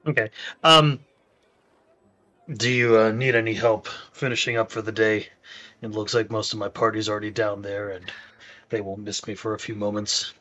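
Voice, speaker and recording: A man playing his character in a tabletop game, talking in a measured, hesitant way with fillers. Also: lowish voice, fairly even intonation, pushed and bright, dull audio. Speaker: player. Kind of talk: in-character tabletop role-play.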